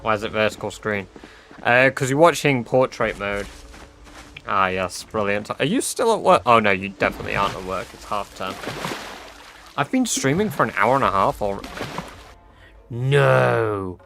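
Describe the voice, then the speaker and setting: A man's voice: on the low side, sing-song, moderate pace, creaky, long pauses, fairly bright tone, a little hiss or hum. A man streaming a game, chatting casually and reading chat aloud with offhand swearing. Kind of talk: casual livestream chat while gaming.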